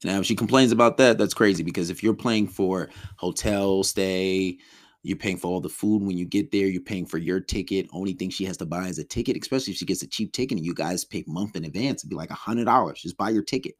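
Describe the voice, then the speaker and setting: A man with a very low voice talks through a relationship lesson. His delivery is loose and conversational, full of ums and restarts. He slips into quick acted-out quotes of the men he coaches. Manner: loose and conversational, many ums and restarts, acts out clients' complaints. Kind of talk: casual spoken lesson.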